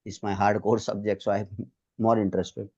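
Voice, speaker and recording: A man's voice: on the low side, level tone, normal speed, darkish tone, slightly rough, dull audio. A man with an Indian accent running an online medical exam quiz, patiently drilling students one point at a time.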